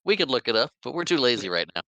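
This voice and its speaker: A man's voice: mid-range voice, big pitch swings, racing, pushed and bright, no room sound. A man co-hosting a podcast, chatting casually about a movie, often repeating words as he restarts and chuckling along. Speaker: podcast co-host. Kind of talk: casual movie recap chat.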